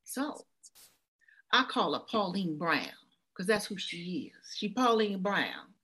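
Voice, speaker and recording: A woman's voice: mid-range voice, sing-song, takes it slowly, sharp tone, slightly rough. A middle-aged woman speaking as a guest, telling her own story earnestly and acting out quoted voices. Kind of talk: heartfelt interview talk.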